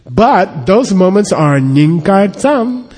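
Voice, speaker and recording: A man lectures on a Buddhist scripture, breaking down terms and checking in with his listeners again and again. His voice is slightly husky and sits a bit high. Long reverb from a large hall trails behind. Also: big pitch swings, slow, darkish tone. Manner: explanatory, checks in often with "okay?". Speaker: Buddhist teacher.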